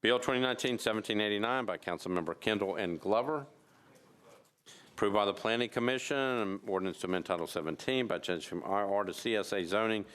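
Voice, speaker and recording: A man presiding over a city council meeting, reading bills and calling votes in a brisk, routine procedural cadence. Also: on the low side, fairly bright tone. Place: council chamber.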